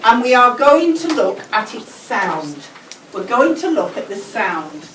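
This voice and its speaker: A brisk English woman with a fairly high voice leads a school class, drawing out key words slowly for the children. She is picked up from a distance in an echoey classroom, with clear noise behind her. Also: sing-song. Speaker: teacher. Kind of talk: whole-class teaching demonstration.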